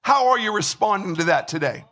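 A man preaching a sermon with emphasis, repeating words and rising to shouts. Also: high-pitched, animated, fairly quick. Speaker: pastor.

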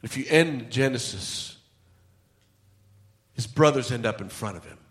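A man's voice: medium pitch, expressive, a little slow, fairly bright tone. A male pastor preaching a conversational sermon, telling Bible stories and acting out the characters' lines. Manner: conversational storytelling, acts out quotes.

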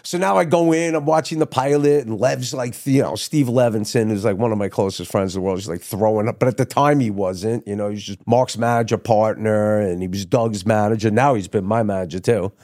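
This middle-aged guest, a TV writer and producer, talks on the low side and at a brisk clip with few pauses, his tone a little mellow. He meanders through a long story in a relaxed interview, cursing freely and impersonating the people he quotes, all in clean, echo-free studio audio.

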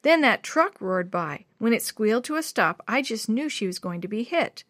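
Sad young girl, soft and downcast, a touch higher, as a woman reader puts her on. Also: expressive, moderate pace, dry recording, clean studio sound. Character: sad little girl missing her cat.

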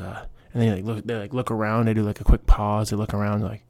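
A young man hosts his own podcast, telling rambling stories and slipping into quoted voices. His voice sits low with a gravelly edge, and the sound is dry and close to the mic. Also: flat delivery, fast, a little mellow, no echo. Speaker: podcast host. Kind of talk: casual solo podcast chat.

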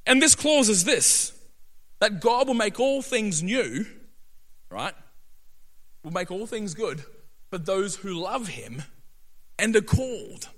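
A man preaching a sermon as pastor, emphatic, asking "right?" again and again and building up to shouting. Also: sits high, very animated, slow, pauses often. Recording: long reverb of a large hall.

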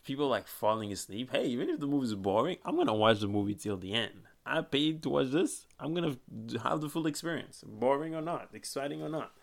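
Young male podcast host with a gravelly voice, mid-pitched, loose and rambling delivery. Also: big pitch swings, brisk, few pauses. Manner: rambling, laughs often, restarts. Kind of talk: casual chat.

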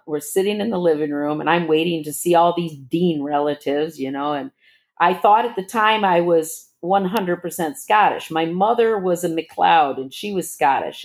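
A middle-aged woman telling her own story as a guest, animated and acting out the dialogue with big leaps in pitch. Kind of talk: personal storytelling.

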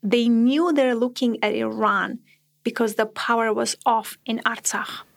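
A woman hosting a podcast, telling a true story in measured, reflective scripted narration. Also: on the high side, fairly even intonation, gravelly.

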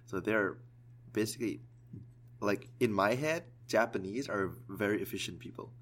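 A man's voice: on the low side, normal speed, fairly bright tone. A man co-hosting a podcast in casual chat, rambling with fillers and laughing often. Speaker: podcast co-host; works in process optimization.

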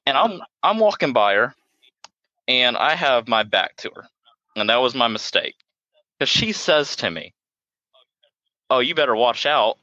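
A South Carolina man co-hosting a podcast speaks in a mid-range voice that is very animated, a little slow, and sharp in tone, with frequent pauses. He tells rambling, self-mocking stories packed with fillers in a casual storytelling chat. The audio is dull, with no room sound.

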